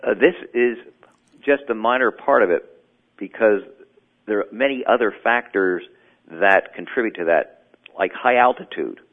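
A man explaining sleep medicine as an interview guest, measured and clinical. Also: lowish voice. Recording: tinny phone line.

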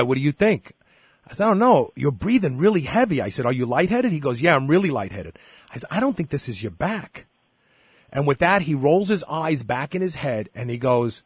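A man's voice: fairly high pitch, breathy edge, no room sound, clean studio sound. A middle-aged man hosting a show, telling a story in casual chat and acting out the dialogue. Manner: animated storyteller, acts out dialogue. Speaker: show host.

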